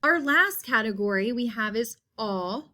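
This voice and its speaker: A woman teacher leading a phonics lesson for young children, slowly stretching out and repeating each word sound. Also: fairly high pitch, lively intonation, sharp tone.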